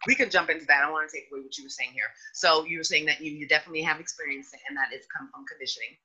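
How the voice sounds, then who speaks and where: Candid woman podcast host, bright edge. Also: very fast, slightly rough. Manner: candid, animated, slips into high mocking voices. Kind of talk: casual chat. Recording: dull lo-fi audio.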